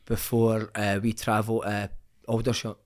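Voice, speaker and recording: Swearing, animated male storyteller. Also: fairly low pitch, unhurried. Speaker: podcast guest, former footballer. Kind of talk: casual anecdote telling.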